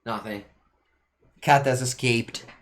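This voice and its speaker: A man's voice: mid-range voice, fairly even intonation, slow pace. A man, chatting playfully through casual commentary while playing a digital card game. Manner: chatty and playful, breaking off to talk to his cat. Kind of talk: casual live-play commentary.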